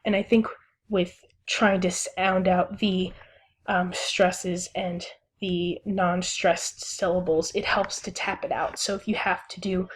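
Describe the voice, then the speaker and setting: A young woman giving a recorded lesson as a teacher, speaking slowly and deliberately and sounding out syllables one by one. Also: medium pitch, steady tone, a little hiss or hum.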